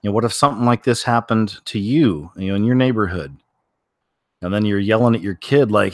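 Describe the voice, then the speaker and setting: A man's voice: on the low side, a little fast, no room sound, clean studio sound. A man hosting his show, giving casual, rambling commentary on video clips with many filler words. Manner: rambling, lots of "you know" fillers. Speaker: show host.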